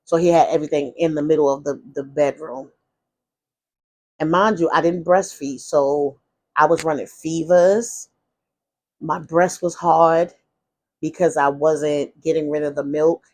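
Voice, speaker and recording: A woman's voice: low voice, fairly even intonation, measured pace, darkish tone. A woman vlogger telling her own life story in a candid, casual way. She rambles frankly, restarts her sentences and adds asides.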